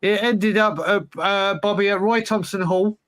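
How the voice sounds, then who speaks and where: A man's voice: sits high, steady tone, moderate pace, a bit bright, clear, resonant tone, no room sound. A man co-hosting a casual podcast, rambling through an anecdote. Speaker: podcast co-host. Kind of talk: casual banter.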